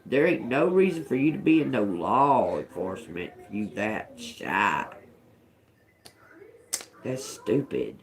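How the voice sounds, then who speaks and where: Slow, blunt woman musing through a reading. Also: very deep voice, sing-song. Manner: thinks aloud, repeating single words slowly; blunt and profane, with frequent chuckles. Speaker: tarot reader. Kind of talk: live-stream tarot reading.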